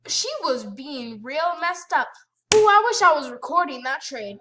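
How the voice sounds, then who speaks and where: A woman's voice: high-pitched, animated, a little slow, sharp tone. A woman ranting with sassy indignation while commentating her gameplay at home by the computer. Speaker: gaming channel host.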